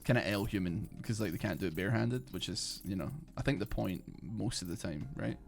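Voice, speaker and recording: Streaming a game, this young man from Britain rambles through live commentary, piling on fillers and breaking off thoughts to start again as he chats with viewers. He talks a little fast in a lowish, expressive voice with vocal fry. Game music sits faintly in the background.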